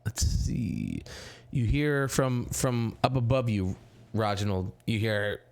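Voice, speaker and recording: A man running a tabletop game as game master, describing scenes with many pauses and fillers. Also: fairly low pitch, very animated, gravelly, darkish tone. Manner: hesitant, filler-heavy.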